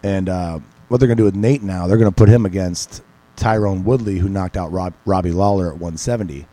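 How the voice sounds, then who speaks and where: A lower-pitched man chats casually about fights, rambling with lots of restarts and fillers. His talk is loose and unscripted, like a guest on a local sports show. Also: fairly quick, warm tone, low-quality recording. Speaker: podcast guest, MMA pundit.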